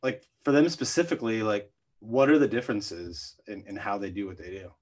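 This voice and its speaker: A man hosting a podcast, asking questions in a halting way and repeating words while he thinks aloud. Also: lowish voice, animated. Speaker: podcast host. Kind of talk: casual interview questions.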